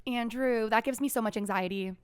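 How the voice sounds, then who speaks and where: A young adult woman, a podcast guest, telling a story in animated casual chat, full of "like" fillers. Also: on the high side, a little fast, clear, resonant tone.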